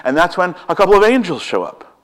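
Speaking rapidly and with evident excitement, a high-pitched man delivers a sermon. Rhetorical questions to the congregation come up again and again.

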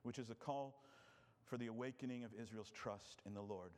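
A man preaching an expository sermon, earnest and rhetorical, often dropping soft to stress a point. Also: mid-range voice, brisk. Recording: long hall reverb.

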